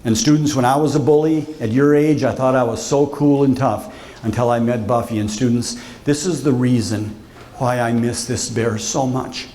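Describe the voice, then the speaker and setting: A man's voice: medium pitch, fairly even intonation, moderate pace, mellow. Theatrical man telling stories to students. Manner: theatrical, addresses students directly. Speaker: visiting author speaking at a school. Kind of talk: storytelling talk to a school assembly. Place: school auditorium.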